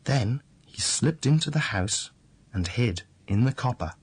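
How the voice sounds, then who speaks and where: A man reading a fairy tale aloud, slow and deliberate. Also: mid-range voice, animated, very noisy. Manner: slow, deliberate, repetitive storytelling. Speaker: storyteller.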